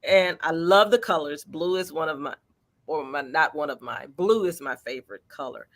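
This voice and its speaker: A woman, a featured artist, answering interview questions in a lively, encouraging way with everyday examples. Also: low voice, normal speed.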